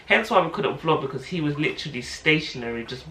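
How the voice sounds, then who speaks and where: A woman in her thirties telling a personal story to camera in a casual, animated way, acting out what other people said. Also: low voice, fast talker. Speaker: vlogger, mother. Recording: echoey room with faint noise.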